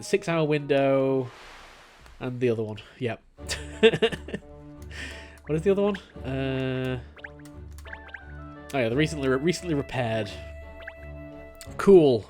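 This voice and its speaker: Chatty gamer thinking aloud. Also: male voice, mid-range voice, expressive, a little slow, pauses often, soft background music. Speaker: gameplay commentator. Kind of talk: let's play commentary.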